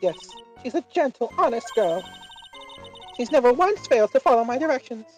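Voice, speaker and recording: A woman's voice: fairly high pitch, sing-song, moderate pace, a little mellow, faint music behind, low-quality recording. A woman reading the lines of an older nun in a game, with a theatrical, teasing delivery.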